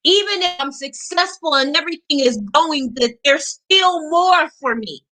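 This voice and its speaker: Brief: emphatic woman motivational coach, high bright voice, preachy. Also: normal speed. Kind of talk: live motivational talk.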